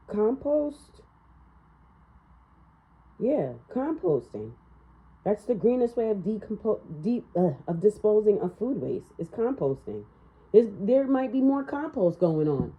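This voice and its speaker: A woman's voice: takes it slowly, pauses often. Blunt, profane woman tarot reader. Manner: blunt and profane, ranting with laughs; animated, swinging up and down in pitch. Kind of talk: casual tarot reading monologue. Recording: slightly dull, lo-fi sound.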